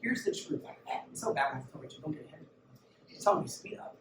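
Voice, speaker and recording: A man's voice: a little high, sing-song, fast, fairly bright tone. A man preaching a sermon as a youth pastor, with an emphatic manner, urging listeners to look and listen. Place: church youth room. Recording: echoey room, mic at a distance, background noise.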